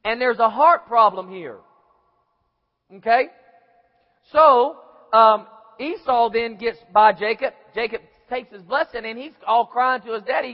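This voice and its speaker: High-pitched guy preaching, folksy, acts out little scenes, echoey hall, kinda muffled. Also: a little slow. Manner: folksy storytelling, acts out voices. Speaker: pastor. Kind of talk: sermon. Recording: echoey hall, dull lo-fi sound.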